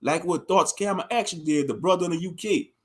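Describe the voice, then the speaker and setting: A man's voice: high voice, fast talker. A man in his thirties giving a profane, mocking, rambling commentary on a livestream. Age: 30s.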